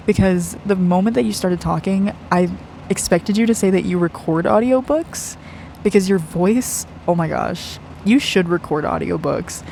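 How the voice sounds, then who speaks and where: An aura reader giving a personal spiritual reading to one client, gushing and effusive, soft and earnest, often saying "like". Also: mid-range voice, creaky, slight background noise, low-quality recording. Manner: gushing and effusive, heavy use of "like".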